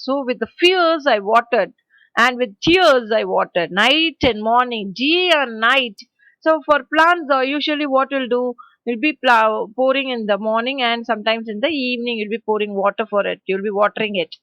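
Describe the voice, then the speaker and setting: High bright Indian English woman teaching. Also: normal speed, no room sound, low-quality recording. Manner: explains line by line, repeats verses, asks rhetorical questions. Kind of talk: poetry lesson for school children.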